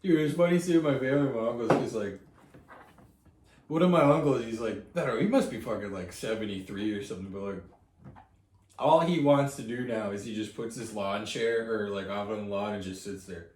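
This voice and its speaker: A man's voice: lowish voice, a little fast, a little mellow. A man co-hosting a comedy podcast, rambling through crude stories in casual chat and laughing often. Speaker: podcast co-host. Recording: echoey room, distant mic.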